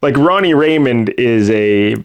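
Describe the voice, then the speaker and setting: A man's voice: mid-range voice, lively intonation, unhurried, clean tone, muffled recording. Chuckling male podcast co-host. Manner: laughs often, jokey. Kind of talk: casual chat.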